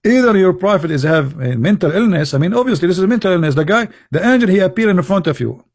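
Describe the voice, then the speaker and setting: Mocking, gravelly-voiced male host. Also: high voice, lively intonation, fast, a little mellow, no room sound. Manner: mocking, sarcastic, rambling. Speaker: online debate host. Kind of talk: casual livestream talk.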